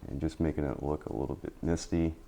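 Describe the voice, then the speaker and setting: A man teaching oil painting in a casual tutorial, tired after a long day, talking in relaxed, repetitive encouraging asides. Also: rumbling low, quick pace, gravelly. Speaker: painting instructor.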